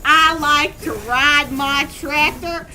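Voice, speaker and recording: A woman voicing a loud country man in a put-on American Southern accent, drawling slowly. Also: sits high, steady tone, faint music behind, exaggerated voice. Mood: folksy.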